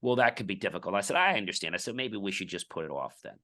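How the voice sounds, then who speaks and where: Deep-voiced man telling a story animatedly. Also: quick pace. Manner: animated storyteller acting out dialogue. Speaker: podcast guest, entrepreneur. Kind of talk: casual storytelling interview.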